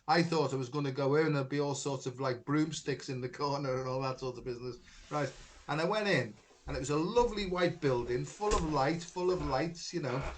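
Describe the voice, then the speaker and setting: A middle-aged man, hosting a talk show and telling a long story in a rambling way, full of fillers. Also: medium pitch. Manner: rambling, chatty, many fillers like "you know" and "right". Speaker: podcast host, spiritual healer. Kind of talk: casual conversation, storytelling.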